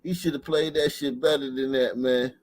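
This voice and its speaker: A man's voice: medium pitch, steady tone, moderate pace. A man hosting a livestream, riffing casually with lots of cursing and laughter, ending almost every line with "man.". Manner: profane, laughing, ends lines with "man". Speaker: livestream host. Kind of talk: casual commentary.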